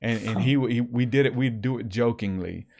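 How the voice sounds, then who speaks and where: A man hosting a podcast, telling a story in a casual, animated way with plenty of fillers. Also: medium pitch, a little fast, creaky. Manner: animated, acts out quotes, many fillers. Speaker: podcast host.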